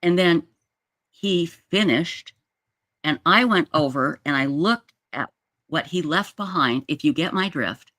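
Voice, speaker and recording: A woman hosts a casual livestream, telling a story with animated energy and frequent restarts. She speaks into a video-call mic from an indoor setup. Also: low-pitched, unhurried. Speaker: livestream host.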